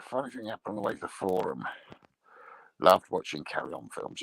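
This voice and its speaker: Gravelly, bawdy man rambling. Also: low voice, very animated, brisk, fairly bright tone, dry recording, poor audio. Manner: bawdy, chuckling, meandering. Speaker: comic monologue host. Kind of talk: rambling crude comic chat.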